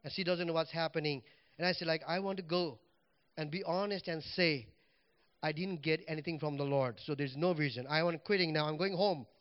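A man's voice: a little high, clean tone, dull audio. A man preaching a personal testimony in church, telling his story animatedly and acting out what he said and thought. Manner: animated storytelling, voice swinging up and down as he relives moments.

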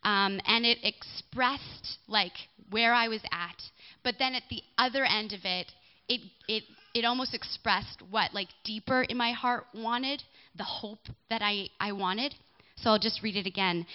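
Speaking unhurriedly in a smooth voice on the high side, a young woman tells her personal testimony at a church gathering. Before the live audience in the hall she's candid and chatty, with asides to those listening, and the recording sounds muffled.

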